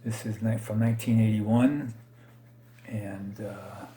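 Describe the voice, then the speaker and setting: A man with a lowish, warm voice talks at a slow, easy pace. He rambles casually, stumbling over facts with plenty of fillers and correcting himself as he goes. He pokes fun at his own slip-ups. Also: steady tone, a little hiss or hum. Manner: self-deprecating, laughs at own slips. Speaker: card collector vlogger. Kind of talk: casual unscripted commentary.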